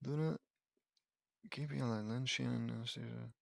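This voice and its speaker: A man's voice: medium pitch, steady tone, moderate pace, vocal fry, dry recording, clean studio sound. Sarcastic man mocking fan fiction. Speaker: audiobook reader and commentator.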